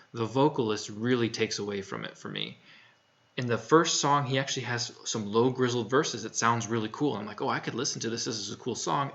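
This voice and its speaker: A man's voice: medium pitch, pushed and bright, lo-fi sound. A man talking casually through a music review in a frank, plainspoken way, with lots of fillers and restarts. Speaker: album reviewer.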